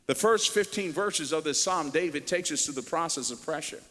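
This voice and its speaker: Man, preacher, animated sermon, high-pitched, long hall echo. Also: normal speed, few pauses. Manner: animated, emphatic, repeats words, swings between quiet and loud. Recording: long reverb of a large hall.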